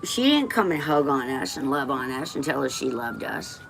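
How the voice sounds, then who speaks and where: A woman's voice: a bass voice, big pitch swings, moderate pace, gravelly, background noise. A woman from West Texas, livestreaming and telling rambling personal stories in a blunt, emotional way, swearing freely and drifting off topic.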